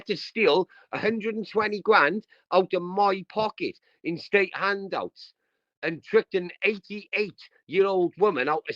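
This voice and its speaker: Streamer host, male, high voice, coarse aggressive rant, dull dry audio. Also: a bit bright, no echo. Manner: crude, aggressive, repetitive slang-heavy ranting. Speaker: livestream host. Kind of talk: ranting livestream commentary.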